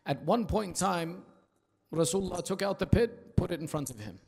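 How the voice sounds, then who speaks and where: A male preacher giving an emphatic, rhythmic sermon at an Islamic center, telling stories and dropping into hushed asides. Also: on the high side, husky. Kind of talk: sermon with storytelling. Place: large prayer hall of an Islamic center. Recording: long hall reverb.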